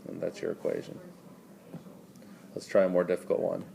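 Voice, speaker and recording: A man's voice: low voice, monotone, normal speed, gravelly, noisy background. A man tutoring math in a screencast lesson, walking students through each step and quizzing them as he goes.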